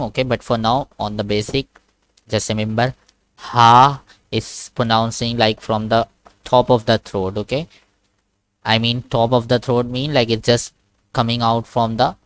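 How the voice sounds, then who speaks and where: A man's voice: medium pitch, a bit bright, clean tone, dry recording. A man teaching an online one-on-one lesson, patient and repetitive, often checking "okay?" and demonstrating sounds. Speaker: Quran teacher. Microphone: video call.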